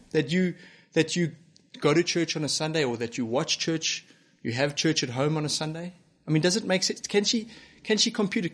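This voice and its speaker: A male pastor delivers a sermon to people watching at home. His voice sits slightly high for a man. He speaks earnestly and with emphasis, firing off searching rhetorical questions. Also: fairly bright tone. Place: church broadcast to home viewers.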